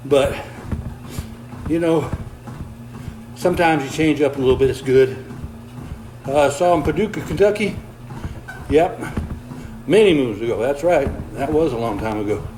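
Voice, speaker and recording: A man's voice: mid-range voice, lively intonation, unhurried, long pauses, a little mellow, poor audio. An older man, chatting casually on a livestream, reading viewer comments while walking on a treadmill, folksy and easygoing, slightly out of breath. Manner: folksy, easygoing, chuckles often.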